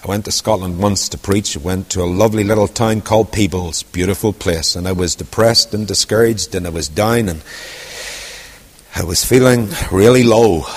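A man with a lilt preaching a storytelling sermon, dropping to quiet asides and rising to loud, ringing declamation. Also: fairly low pitch. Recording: long hall reverb.

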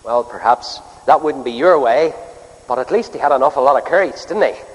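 A man preaching an evangelistic sermon from a church pulpit, measured and emphatic, with sharp rises in pitch. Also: animated. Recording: long hall reverb.

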